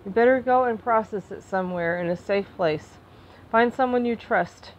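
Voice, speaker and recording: A woman talking to camera in an emotional personal monologue, impassioned, restarting and repeating herself, flaring into anger and then softening. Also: medium pitch, moderate pace, a little hiss or hum. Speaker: vlogger.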